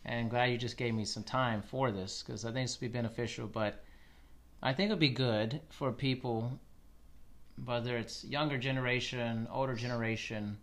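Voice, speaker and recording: A man hosting a casual conversation with his wife, upbeat and quick to laugh. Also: medium pitch, steady tone, a bit bright. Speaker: podcast host interviewing his wife.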